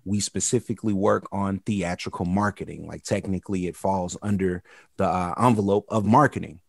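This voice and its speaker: A man, a music supervisor, talking casually and explaining his job in a relaxed manner. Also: deep voice, moderate pace, gravelly, no echo, studio quality. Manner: relaxed, reacts with exclamations. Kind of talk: casual interview answer.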